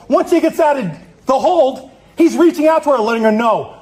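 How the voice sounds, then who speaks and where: A man's voice: very high voice, lively intonation, moderate pace, few pauses, darkish tone. A man giving an angry, accusatory public comment speech, swearing as he denounces the police.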